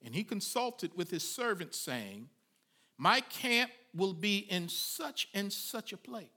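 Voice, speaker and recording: A pastor preaching with a high, bright voice that swings widely in pitch. He reads scripture aloud, drops into folksy asides, and builds toward shouted, dramatic peaks. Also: sing-song, slow pace. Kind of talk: sermon.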